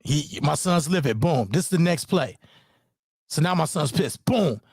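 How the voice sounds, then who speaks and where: A father breaking down his son's game footage in casual screen-share commentary, heated and profane, repeating "boom" as he points things out. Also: lively intonation, a little slow, darkish tone, breathy edge, no room sound, studio quality. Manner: heated, profane, repeats "boom" and "you know what I'm saying".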